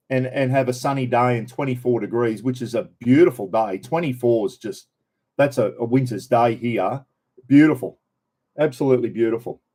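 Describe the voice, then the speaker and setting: Older aussie guy chatting on his live stream, calls out viewers, mellow tone. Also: medium pitch. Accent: Australian. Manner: chatty, greets viewers by name. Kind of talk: casual live-stream chat.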